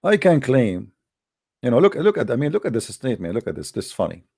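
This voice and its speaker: Man, call-in debate host, blunt, scornful, repetitive, gravelly, dry close sound. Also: medium pitch, very animated, quick pace, darkish tone, dry recording. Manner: blunt and scornful, repeats himself.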